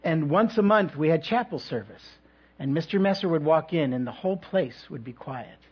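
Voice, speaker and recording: A male pastor delivering a sermon in a measured way, with reflective pauses and touches of light humor. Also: a little high, animated, breathy edge. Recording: dull lo-fi recording.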